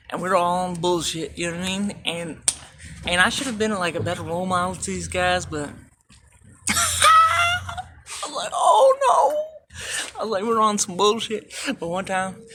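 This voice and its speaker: A woman's voice: on the low side, steady tone, moderate pace. Woman vlogger, casual storyteller, swears freely, laughs through anecdotes, faint background hum. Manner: profane, laughing, rambling anecdotes.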